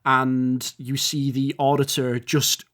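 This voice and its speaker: A man's voice: medium pitch, level tone, slow pace, fairly bright tone. A man narrating as game master, rambling and descriptive with fillers.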